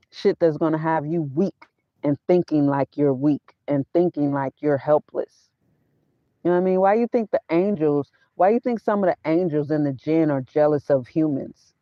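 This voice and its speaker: A woman's voice: low voice, no room sound. A woman vlogger giving a casual spiritual talk in a preachy way, quoting scripture and mixing in casual slang. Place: inside her van. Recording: dull, dry sound.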